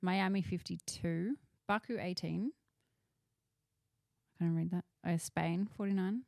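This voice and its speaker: A young woman co-hosting a casual motorsport podcast, bubbly and quick to laugh. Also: lowish voice, vocal fry, a little mellow, no room sound, studio quality. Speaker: podcast co-host. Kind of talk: casual chat.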